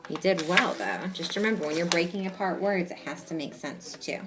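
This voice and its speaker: A patient woman teacher giving a one-on-one reading lesson, coaxing a child along with gentle questions. She slows right down to stretch out sounds piece by piece and keeps her praise steady. Her voice sits somewhat low for a woman. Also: very noisy. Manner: patient and encouraging, sounds out words slowly and asks guiding questions.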